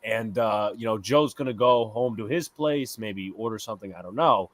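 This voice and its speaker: A man co-hosting a casual sports podcast, telling stories in a profane, animated way. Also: mid-range voice, normal speed, few pauses, no room sound. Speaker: podcast host.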